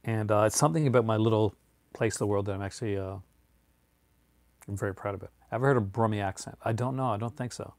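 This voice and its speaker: A man with a Newfoundland accent chats casually with his viewers, drifting through tangents as he answers their questions. His voice sits on the low side. The recording is dry and close, with no room sound. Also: quick pace, a little mellow, no echo. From Newfoundland, Canada. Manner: chatty and rambling, drifting between tangents. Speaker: streamer answering viewer chat. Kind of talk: casual live-stream chat.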